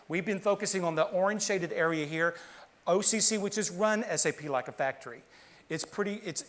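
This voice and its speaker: A man from the southern US with a light Southern twang and a slightly high voice. He presents to a conference audience on stage in a relaxed, conversational way, restarting sentences as he explains. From southern United States. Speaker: partner manager presenting at a conference.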